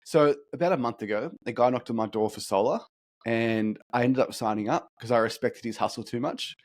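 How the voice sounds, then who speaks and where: An Australian man with an Australian accent hosting a podcast, friendly and blokey, firing off follow-up questions. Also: medium pitch. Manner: friendly, blokey, says mate a lot, rapid follow-up questions. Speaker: podcast host. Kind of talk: casual interview chat.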